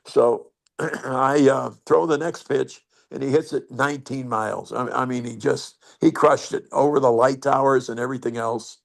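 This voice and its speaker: A man's voice: mid-range voice, steady tone, moderate pace, creaky. An older man telling rambling, salty stories as a guest on a video call. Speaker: guest storyteller. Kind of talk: anecdote over video call.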